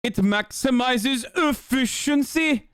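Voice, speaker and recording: A man's voice: very high-pitched, slow pace, a bit bright, clean tone, dry recording, clean studio sound. A young man streaming, riffing sarcastically and swearing a lot while reacting to videos. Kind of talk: casual stream commentary.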